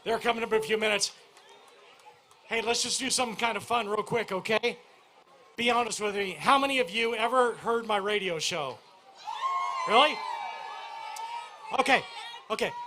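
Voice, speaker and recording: A high, bright-voiced man emcees a live event, loud and energetic as he hypes the audience. A faint crowd murmurs behind him. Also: slight background noise. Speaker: emcee, former radio host.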